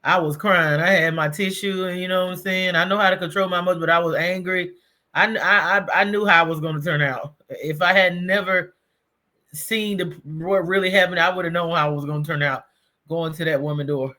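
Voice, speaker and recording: A woman's voice: fairly low pitch, fairly even intonation, bright, forceful tone. Brief: chatty reaction host, woman, hesitant and repetitive. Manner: halting, repeats words. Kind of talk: casual commentary.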